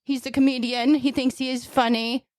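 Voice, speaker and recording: A woman's voice: sits high, flat delivery, moderate pace, darkish tone, no room sound. A woman hosting a casual comedy podcast, teasing her co-hosts in a mock-grandiose, swearing manner. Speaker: podcast host.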